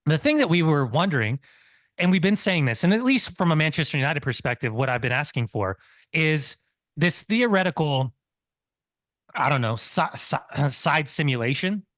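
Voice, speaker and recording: A man's voice: on the high side, a bit bright, no echo. A man co-hosting a football podcast, making earnest points about the team while his mouth burns from hot sauce. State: mouth burning, sweating. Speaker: podcast co-host. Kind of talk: casual football chat.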